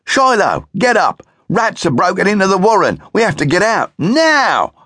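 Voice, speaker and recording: A man voicing a boastful, bullying big brother rabbit in a children's audiobook, loud and scornful. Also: fairly high pitch, sing-song, moderate pace, no echo, studio quality, pitched above the performer's own voice. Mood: urgent, bossy. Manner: scornful, shouting, bossy. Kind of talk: audiobook character voice.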